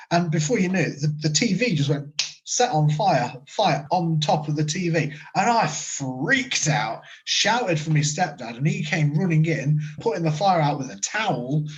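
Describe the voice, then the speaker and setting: A British man in his thirties, a medium, telling spooky personal stories in a rambling, casual way full of fillers. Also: fairly high pitch. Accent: British English. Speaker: guest, medium. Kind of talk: storytelling interview. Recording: muffled lo-fi audio.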